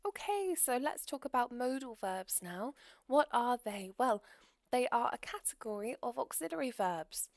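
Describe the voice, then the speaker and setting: A woman teaching English grammar in a recorded lesson, explaining clearly and steadily with example sentences. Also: on the high side, very animated, normal speed, no room sound, studio quality.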